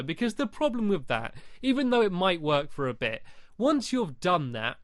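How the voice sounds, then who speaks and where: A man's voice: sits high, big pitch swings, moderate pace, no room sound, clean studio sound. A man hosting a podcast, giving casual advice in a chatty, rambling way full of fillers. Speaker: podcast host.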